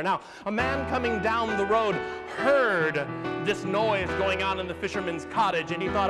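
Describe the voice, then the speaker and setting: A man telling a folk tale live on a festival stage, animated and theatrical, with sudden loud bursts and slow drawn-out phrases. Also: sits high. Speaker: storyteller. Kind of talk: live dramatic storytelling. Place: festival main stage, large hall. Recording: live hall reverb with piano accompaniment. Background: improvised piano.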